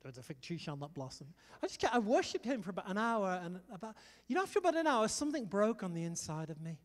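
Brief: middle-aged male preacher, high voice, lively storytelling, big reverberant hall. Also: quick pace. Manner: animated storytelling, rallying the crowd. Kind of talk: sermon.

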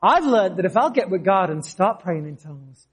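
A male preacher giving a sermon, telling his own testimony in an animated storytelling way. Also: high voice, moderate pace, slightly rough. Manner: storytelling, animated, jumps to shouts.

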